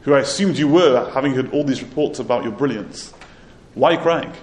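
A man's voice: medium pitch, fairly quick, lightly acted. A man voicing a skeptical Greek philosopher. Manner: skeptical, probing questions. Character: proud rational male Greek philosopher questioning a prophet. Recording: roomy echo, faint ambience.

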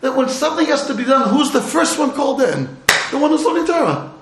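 A man's voice: very high voice, sing-song, fast, noisy background. A middle-aged man teaching a class as a rabbi, telling humorous stories and asking rhetorical questions. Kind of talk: storytelling Torah talk. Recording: echoey room.

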